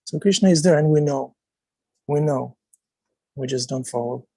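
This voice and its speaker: A man's voice: a little high, normal speed, creaky, mellow, no room sound, low-quality recording. A man offering closing remarks to a temple class in a conversational, exhorting way.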